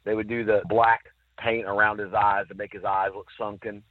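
Animated man on a tinny line. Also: on the low side, moderate pace, dry recording. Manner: animated storyteller, acts out quotes. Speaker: podcast co-host. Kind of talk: casual chat. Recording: dry, tinny phone-like sound.

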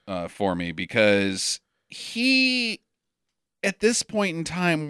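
A man's voice: medium pitch, a bit bright, clear, resonant tone, dry recording, studio quality. A man chatting casually as a podcast co-host, laughing often and mocking a film in silly voices. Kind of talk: casual movie-riffing chat.

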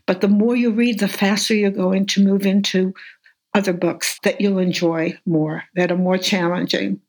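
Older female educator, animated and enthusiastic, storytelling interviewee. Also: medium pitch, moderate pace. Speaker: veteran reading teacher, guest. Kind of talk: conversational interview.

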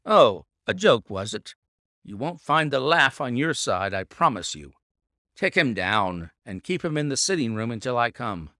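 A gruff, blustering police inspector from a read-aloud detective story, put on by a male reader. He scolds and grumbles indignantly, with a gravelly, bright, forceful tone. The sound is dry and close. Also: mid-range voice, very animated, moderate pace, no room sound. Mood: scolding.

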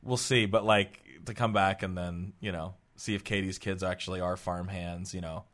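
A man's voice: low-pitched, steady tone, moderate pace, fairly bright tone. A man hosting a podcast in casual chat, rambling with many fillers and acting out stern quotes. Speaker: podcast host.

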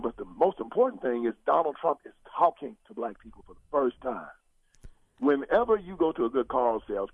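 An older man talking politics as a guest, preacherly and emphatic, his pitch rising in big sweeps as he presses each point. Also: slightly rough, dry recording. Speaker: guest commentator. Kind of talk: political talk show conversation. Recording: tinny phone line.

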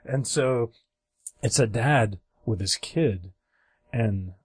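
A man's voice: mid-range voice, slow, breathy edge, dry recording. A young man on a podcast telling a long rambling story in casual chat, acting out other people's voices and laughing at himself.

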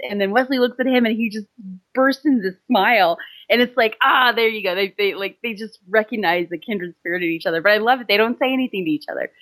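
A woman co-hosts a casual film discussion and describes favorite moments in eager bursts of detail. Her voice is mid-pitched and animated in manner. She laughs readily between points. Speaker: podcast co-host.

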